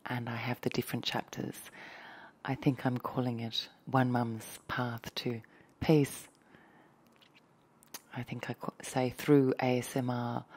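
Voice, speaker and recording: A woman speaking as an ASMR host in a soft-spoken travel diary, drifting dreamily between whispers and a hushed voice in a hotel room. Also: extremely low pitch, husky.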